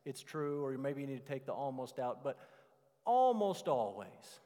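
A preacher delivers his sermon with lively emphasis, leaning on key words and drawing them out. His voice sits at an ordinary middle pitch for a man. The sanctuary adds a long, ringing reverb behind him. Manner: animated, emphatic preaching with drawn-out stressed words. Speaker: pastor.

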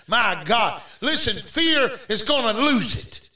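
A man preaching a fervent revival sermon, shouting and exhorting his listeners with repeated calls. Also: very high voice, lively intonation, slow, far from the mic. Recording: echoey room, voice off-mic.

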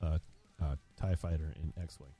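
A man's voice: a bass voice, steady tone, moderate pace, warm tone, faint music behind. A man co-hosting a casual podcast chat, throwing in short dry quips. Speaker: podcast co-host.

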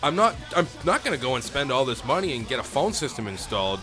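A man's voice: mid-range voice, big pitch swings, fast, music in the background. A man co-hosting a casual wrestling podcast, chatting and plugging the show in a laid-back announcer way. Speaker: podcast co-host.

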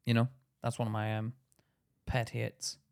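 A young man, co-hosting a casual podcast and telling stories in an animated way. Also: mid-range voice, unhurried, gravelly. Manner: animated storyteller, acts out voices loudly. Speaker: podcast co-host. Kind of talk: casual chat.

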